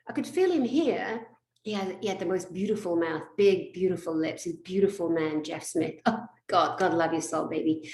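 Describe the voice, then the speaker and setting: A woman and spiritual therapist telling a humorous personal story, animated, laughing often and swearing casually. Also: fairly low pitch, normal speed. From England. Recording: echoey room.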